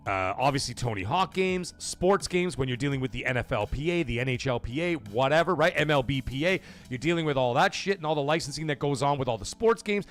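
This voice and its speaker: A man hosting a casual gaming news live stream, talking straight to his viewers, animated and loose with swearing. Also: on the high side. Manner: animated, swearing, talks to chat and folks.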